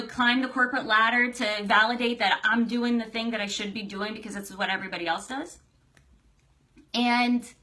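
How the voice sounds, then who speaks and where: Young woman going live, bright higher voice, chatty and heartfelt, says hi to folks. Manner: chatty, greets viewers by name, emotional. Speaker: live stream host. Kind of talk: casual livestream chat.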